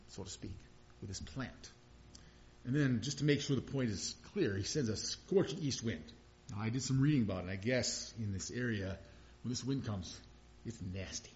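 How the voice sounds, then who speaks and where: A man's voice: medium pitch, darkish tone, a little hiss or hum. A man preaching a sermon in a conversational way, chuckling now and then and rising into emphatic bursts. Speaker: pastor. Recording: dull lo-fi sound.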